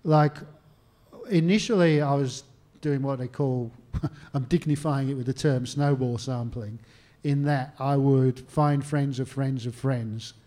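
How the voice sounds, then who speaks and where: A man's voice: medium pitch, unhurried, warm tone. An Australian man, a historian and author, answering interview questions with anecdotes and self-deprecating humour, acting out phone calls as he goes. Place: stage talk at a literary venue.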